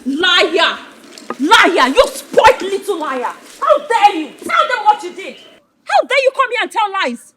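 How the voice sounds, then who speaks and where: An actress playing a furious, scornful royal wife with a Nigerian accent in a film drama. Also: female voice, big pitch swings, moderate pace. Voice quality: shrill, scornful. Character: furious accusing royal wife, shrill and combative. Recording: noisy film soundtrack.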